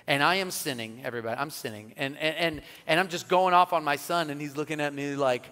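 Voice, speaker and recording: A middle-aged man preaching from the pulpit, bouncing between jokes and earnest points. His voice sits on the higher side for a man. The sound carries a long echo from a large church sanctuary. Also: fast talker. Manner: animated storytelling with jokes and laughter. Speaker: pastor. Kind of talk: sermon. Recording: church hall with long reverb.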